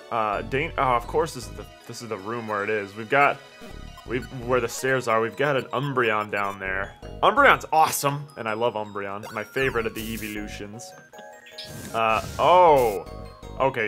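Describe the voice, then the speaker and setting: Excitable man commentating a game. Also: medium pitch. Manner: excitable, yells at his teammate and the game. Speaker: let's play host. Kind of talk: let's play commentary.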